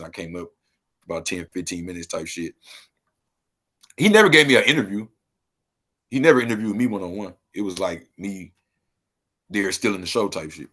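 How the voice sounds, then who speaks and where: La dude on a podcast, bright voice, loose street talk, gets loud and animated. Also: male voice, low voice. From Los Angeles. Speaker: podcast guest. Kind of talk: casual interview chat.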